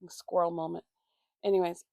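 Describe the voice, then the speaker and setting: A woman's voice: fairly low pitch, level tone, normal speed, vocal fry, warm tone, slight background noise. A woman telling a casual storytime while getting ready at home, venting in a heated, profane way with constant fillers. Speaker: vlogger.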